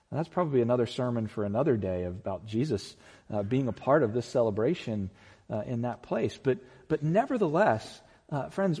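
Animated pastor preaching in an echoing hall. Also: male voice, fairly high pitch, slightly rough. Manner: animated, acts out voices in quotes; conversational, asks the listeners questions. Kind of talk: sermon.

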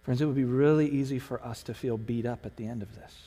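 A man's voice: medium pitch, fairly even intonation, quick pace, warm tone. Earnest male pastor in a reverberant hall. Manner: earnest, emotional, rising to fervent emphasis. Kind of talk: sermon. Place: church sanctuary.

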